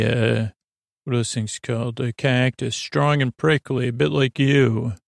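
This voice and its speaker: Man, podcast host, sleepy episode recap, very slow, hesitant, dry close sound. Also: mid-range voice, gravelly, dry recording. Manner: hesitant, many filler pauses.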